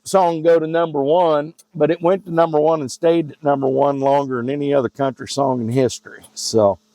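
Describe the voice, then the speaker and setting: A man's voice: fairly high pitch, little pitch movement, fairly quick, mellow, no echo, rough recording. A middle-aged man talking casually outdoors in the woods, folksy and joking, rambling between stories about his hunting club. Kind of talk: casual outdoor vlog talk.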